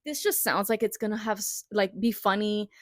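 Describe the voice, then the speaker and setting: A woman's voice: mid-range voice, normal speed, fairly bright tone, dry recording, clean studio sound. A young woman vlogger chatting casually about books, retelling stories with dramatic quoted reactions. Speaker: book vlogger. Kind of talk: casual chat.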